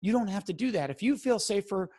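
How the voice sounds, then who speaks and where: A middle-aged man with a high-pitched, dark-toned voice speaks fast and animatedly in a direct-to-camera advice talk on sexual assault prevention. He earnestly coaches his listeners on their wording, stressing important words.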